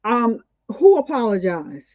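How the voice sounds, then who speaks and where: A woman's voice: fairly high pitch, sing-song, unhurried, a little mellow, no echo, dull audio. A woman hosting a casual, outspoken commentary on a court trial, indignant and chatty. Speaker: commentary channel host.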